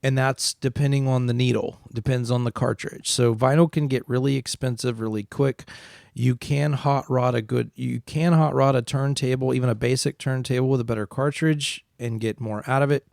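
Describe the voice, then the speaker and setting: A man's voice: mid-range voice, steady tone, normal speed, creaky, darkish tone, dry recording, clean studio sound. A man co-hosting an audio podcast, talking casually and opinionated, rambling through his points in a self-described facts-guy way. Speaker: podcast co-host. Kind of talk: casual chat.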